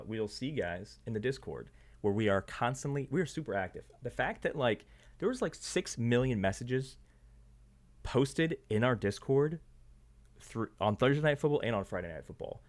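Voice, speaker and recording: A man hosting a sports betting live stream in casual chat, loose and promotional with lots of fillers, his voice getting worn. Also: lowish voice. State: losing his voice.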